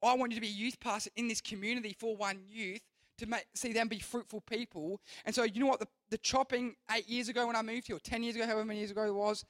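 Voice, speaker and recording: Young man, youth pastor preaching, high voice, earnest rambling delivery full of restarts, dry sound. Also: fairly even intonation, fast, a bit bright, no echo. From Australia. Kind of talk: youth sermon.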